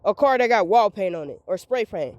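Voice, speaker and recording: A woman's voice: mid-range voice, expressive, brisk, darkish tone, dry recording. A woman, venting in a rambling, repetitive, emphatic monologue recorded as a voice memo. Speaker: vlogger.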